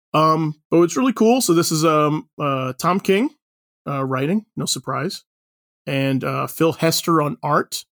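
A man's voice: a little high, no room sound, studio quality. A man co-hosting a podcast, talking casually and rambling, with many fillers and restarts. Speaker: podcast co-host. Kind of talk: casual chat.

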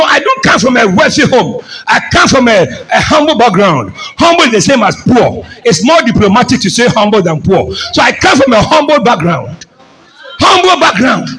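A man preaching a fervent sermon as pastor, often shouting and calling the congregation to say amen. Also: very high voice, low-quality recording.

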